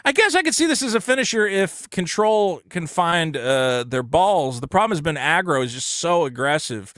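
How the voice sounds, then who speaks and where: A man with a slightly high voice, recorded close and dry, chats casually as a podcast co-host. He is blunt and animated, swears freely and mocks imagined critics in mock-quoted rants. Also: moderate pace, no room sound. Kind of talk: casual card-game chat.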